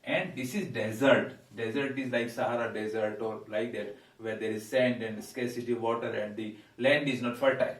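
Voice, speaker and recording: A man teaching English pronunciation, pausing on fillers and repeating words slowly. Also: medium pitch, steady tone, recorded from a distance. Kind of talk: pronunciation lesson. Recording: echoey room, voice away from mic.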